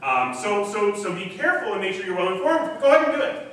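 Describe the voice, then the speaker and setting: A male pastor gives a relaxed, conversational sermon with a bright, forceful tone and a fairly high voice. He talks loosely, full of ums and false starts. The sound is very echoey and picked up from a distance in a church hall, with faint hiss behind. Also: fast. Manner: casual, chatty, frequent ums and restarts. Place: church sanctuary.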